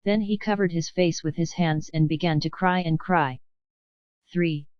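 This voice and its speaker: A woman narrating a children's audiobook in a measured, expressive reading. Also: lowish voice, smooth, no echo, muffled recording. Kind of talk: scripted storybook narration.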